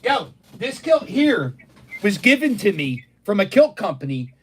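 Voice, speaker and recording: A man's voice: sits high, sing-song, measured pace, slightly rough. A man hosting a casual live stream from his dining room, brash and crude, joking as he talks. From Philadelphia, USA. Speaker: livestream host. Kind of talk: casual chat.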